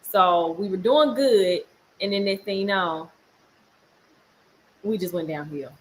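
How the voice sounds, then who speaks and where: A young woman and mother chatting casually with viewers on a livestream, animated and laughing often, breaking off to tell her toddlers off. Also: mid-range voice, slow pace, slight background noise. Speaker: mom vlogger on a livestream.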